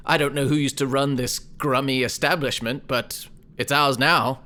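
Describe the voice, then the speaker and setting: A man's voice: mid-range voice, fairly even intonation, normal speed, bright, forceful tone, natural voice. Pompous, dismissive lord, voiced by a man, haughty and proud. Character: haughty male lord with awful taste.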